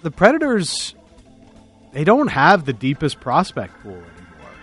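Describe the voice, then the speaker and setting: A man co-hosting a casual podcast chat, giving opinions in a measured way with some restarts. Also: a little high, wildly swooping pitch, fairly bright tone, soft background music. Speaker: podcast co-host, hockey analyst.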